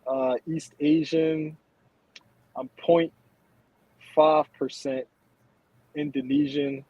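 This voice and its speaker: A man's voice: on the high side, flat delivery, drawn-out words, pauses often, darkish tone, lo-fi sound. A man co-hosting a podcast, chatting casually with blunt, profane humor and frequent laughter. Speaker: podcast co-host. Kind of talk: casual chat.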